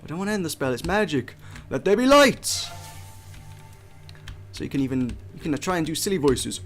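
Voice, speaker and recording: A man's voice: fairly high pitch, lively intonation, racing, faint music behind. A young man giving casual, chatty first impressions of a game, self-deprecating and often restarting his sentences. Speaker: game reviewer. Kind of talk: casual gameplay commentary.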